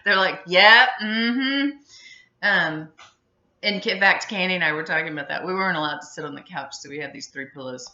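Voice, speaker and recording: A middle-aged woman vlogger talks fast in a low-pitched, sharp voice, giving a loose, rambling monologue packed with fillers and giggles. The audio is muffled and echoey.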